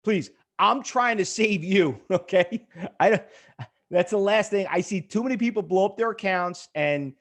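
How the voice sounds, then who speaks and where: Pushy high-voiced trading coach man. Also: normal speed, a bit bright. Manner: rambling, chatty, full of fillers; blunt, pushy with the audience. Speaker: trading educator. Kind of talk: live trading webinar.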